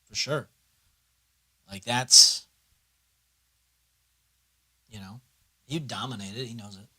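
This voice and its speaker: A man's voice: lowish voice, slow pace, pushed and bright, husky. A young man chatting casually on a livestream, rambling and swearing, sometimes talking himself through his computer setup. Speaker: streamer.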